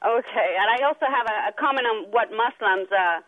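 A woman calling in to a radio show, speaking hesitantly with halting starts. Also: on the high side. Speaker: caller. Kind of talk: phone-in call. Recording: tinny phone line.

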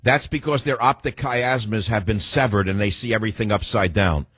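Male talk radio host, combative and sarcastic, lowish husky voice. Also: fairly bright tone, no room sound. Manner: sarcastic, rhetorical questions, rapid-fire.

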